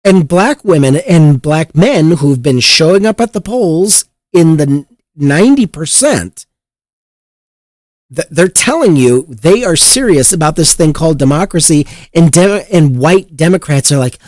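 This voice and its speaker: A man's voice: a little high, expressive, unhurried, a little mellow, no echo. A man hosting a political commentary show, heated and profane, sometimes mocking other people's voices.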